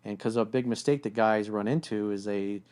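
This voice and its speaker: A man's voice: lowish voice, moderate pace, smooth. A man giving relationship advice in a blunt, casual way, often acting out what partners say to each other. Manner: blunt, animated, acts out quoted voices. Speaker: relationship coach.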